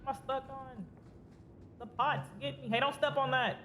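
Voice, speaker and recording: A woman's voice: sits high, fairly even intonation, normal speed, fairly bright tone, slight background noise. A woman streaming a video game, chatting casually with viewers and laughing often as she plays. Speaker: gaming streamer. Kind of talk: casual chat while playing a game.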